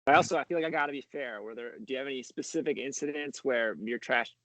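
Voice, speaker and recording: A man's voice: mid-range voice, fast, bright, forceful tone, no echo. A man hosting a casual podcast, easygoing as he puts follow-up questions to a guest. The recording is dry, with no room sound. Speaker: podcast host.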